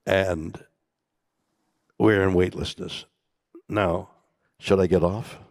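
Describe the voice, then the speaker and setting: Theatrical older man, gravelly and hushed. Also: low voice, fairly even intonation, slow, dry recording, studio quality. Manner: theatrical, swings from loud bursts to hushed whispers. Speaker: keynote guest. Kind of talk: dramatic storytelling conversation. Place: conference stage.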